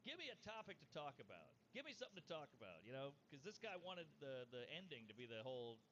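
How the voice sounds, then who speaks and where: A man telling a long comedy story in casual podcast talk, animated and swearing freely, acting out the voices of people he quotes. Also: mid-range voice, fast talker. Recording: dull lo-fi sound with faint noise.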